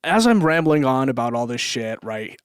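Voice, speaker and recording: A man's voice: medium pitch, sing-song, moderate pace, smooth, no room sound, clean studio sound. A young man telling a long story on his vlog, rambling and swearing with lots of fillers and laughs. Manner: rambling, profane, full of fillers, laughs often. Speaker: vlogger. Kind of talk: casual storytelling monologue.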